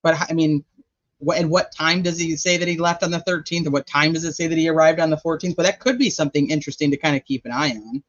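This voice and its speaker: A man with a fairly high voice gives casual livestream commentary as a true crime host. He rambles and thinks aloud while he checks his notes. The sound is dry and a little dull. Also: fairly even intonation, quick pace, a bit bright, dry recording.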